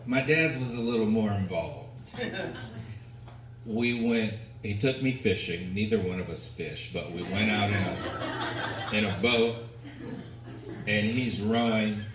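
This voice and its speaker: Recorded distantly in a noisy, echoing comedy room, a man performs stand-up for a live audience, unspooling his stories at a measured, deliberate pace and letting the laughter land. His voice is lowish and steady. Audience laughs and room ambience fill the background.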